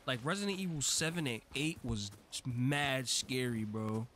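A man hosting a gaming channel, giving casual, excitable let's-play commentary and swearing freely. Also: medium pitch, a little slow, a little hiss or hum. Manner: chatty and excitable, swears freely, talks a lot when nervous.

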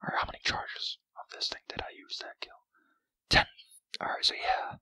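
A man's voice: normal speed, pushed and bright, no room sound, rough recording. A man doing whispered role-play as a greedy, grumpy male cartoon crab, commenting on his gameplay with foul-mouthed, rambling, self-mocking chatter. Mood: grumbling. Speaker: gaming commentator.

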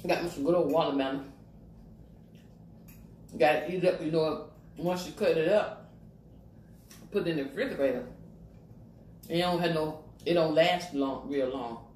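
Lady in her 50s, mukbang chat, low-ish voice, echoey room. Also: moderate pace, long pauses, darkish tone. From Virginia, USA. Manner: chatty, talks with her mouth full, hums over her food. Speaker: mukbang vlogger. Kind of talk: casual chat while eating. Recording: echoey room with faint noise.

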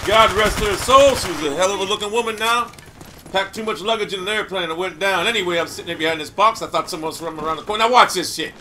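A loud, hyper man giving boastful, trash-talking commentary over his gameplay. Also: sits high, quick pace, a little hiss or hum. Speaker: gamer.

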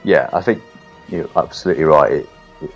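A man's voice: rumbling low, fairly quick, dull audio, soft background music. A man co-hosting a film podcast in a laid-back, agreeable way, often chuckling as he talks. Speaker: podcast co-host. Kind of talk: casual film review chat.

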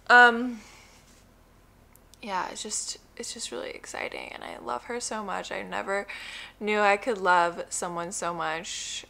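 A woman's voice: mid-range voice, gravelly, pushed and bright. A young woman and new mother chatting casually to her phone camera, rambling with plenty of likes and ums and a blunt streak.

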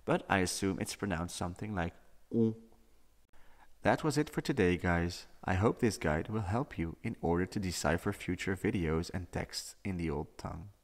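A man teaching a language lesson, explaining and slowly demonstrating how each letter sounds. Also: deep voice, long reverb tail. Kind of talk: educational video lesson.

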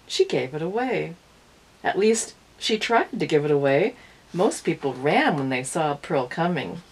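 A woman reading a picture book aloud to young children, in an expressive storytelling way. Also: sits low, measured pace, slight background noise, poor audio. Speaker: early-years storyteller.

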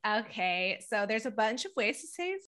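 Bright, giggly woman podcast host. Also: a little high, moderate pace. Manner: giggly, animated, drops into Italian words. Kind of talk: casual chat.

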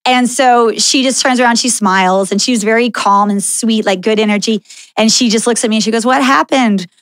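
A woman's voice: on the high side, fairly quick, dry recording. Chatty woman telling a story, dry sound. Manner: animated storyteller, many fillers and "like". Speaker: podcast host. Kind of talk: casual storytelling chat.

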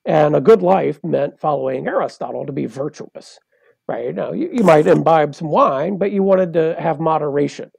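A man's voice: on the high side, moderate pace, vocal fry, darkish tone, husky, dry recording. A man, a poet and translator, explaining things step by step in a professorial way as a guest in an interview. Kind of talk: interview conversation.

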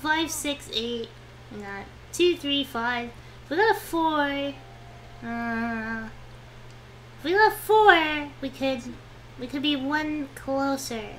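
A woman's voice: high-pitched, lively intonation, slow, slight background noise. A young woman streaming a game, chatting to herself about her moves in a whiny, pleading way. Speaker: VTuber streamer. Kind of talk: casual game-stream commentary.

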